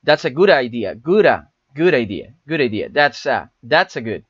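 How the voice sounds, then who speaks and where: A man whose first language is Spanish, teaching an online English lesson, explaining and repeating phrases slowly and often tagging questions with "no?". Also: medium pitch, sing-song, fairly bright tone, no echo, muffled recording.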